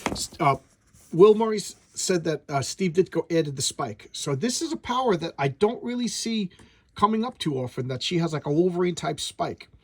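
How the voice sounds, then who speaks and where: A man's voice: a little high, sing-song, moderate pace, darkish tone, slightly rough, no echo. A man reviewing an old comic book in a casual, blunt, rambling way, often restarting his sentences.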